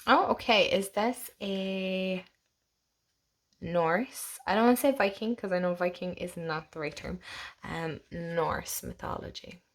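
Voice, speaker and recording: A young Irish woman who hosts a tarot channel walks through a deck of cards in a loose, chatty way at a measured pace. Her voice sits a little low for a woman, and she gushes brightly, laughs often and drifts into soft, hushed whispers.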